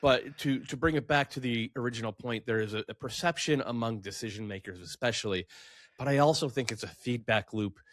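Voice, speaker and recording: A man from the United States, a guest on a casual podcast, talking in a measured, agreeable way. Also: mid-range voice. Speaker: podcast guest, soccer writer.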